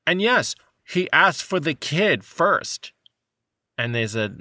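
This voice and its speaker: Bright-voiced sarcastic male podcast co-host. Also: fairly high pitch, measured pace, no echo, studio quality. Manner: animated, sarcastic, acts out quotes in mocking voices. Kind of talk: casual movie review chat.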